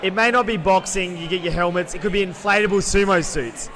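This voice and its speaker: Loud bright-voiced young Australian man. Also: high voice, fairly quick. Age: young adult. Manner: loud, rambling, lots of restarts and fillers. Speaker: podcast co-host. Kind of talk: casual chat.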